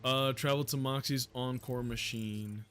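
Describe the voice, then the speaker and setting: A young man from the United States giving casual, profane, jokey commentary while streaming a game, breaking into loud excited outbursts. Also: mid-range voice, unhurried, clear, resonant tone. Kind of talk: casual gameplay livestream commentary.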